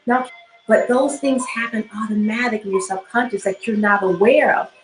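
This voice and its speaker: A woman's voice: medium pitch, reverberant, low-quality recording. A woman spiritual teacher giving an instructional talk, often repeating phrases and checking in with "okay?".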